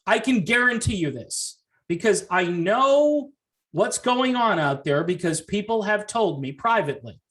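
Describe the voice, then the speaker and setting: Man on a yelling, sarcastic rant. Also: high voice, lively intonation, unhurried. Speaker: music commentary vlogger. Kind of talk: heated rant to camera.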